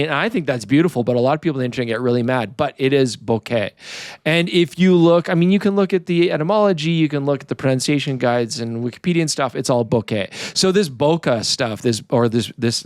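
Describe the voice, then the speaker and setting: A man's voice: mid-range voice, no room sound, studio quality. A man with a northern English accent, co-hosting a casual podcast chat and pressing his points with emphatic repetition. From northern England. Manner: emphatic, repeats himself when making a point. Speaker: podcast co-host.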